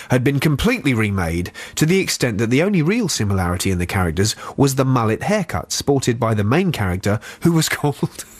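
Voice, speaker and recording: A man's voice: medium pitch, no echo. Jokey man in a dry studio. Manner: jokey, rambling anecdotes, slips into quick impressions. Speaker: radio co-host. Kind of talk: casual radio chat. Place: radio studio. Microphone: studio mic.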